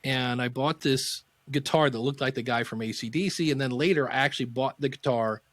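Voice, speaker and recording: A man's voice: mid-range voice, brisk, no echo. Man, 50s, chatty podcast guest who acts out his anecdotes, dry recording. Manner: animated storyteller acting out quoted voices. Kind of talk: casual interview storytelling.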